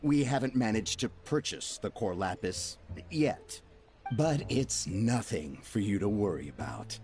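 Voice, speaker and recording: An actor playing a nervous, fawning merchant in a video game, deferential and anxious to reassure. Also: male voice, fairly low pitch, lively intonation, measured pace, a little mellow, faint music behind. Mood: placating. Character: nervous, fawning male merchant, eager to please.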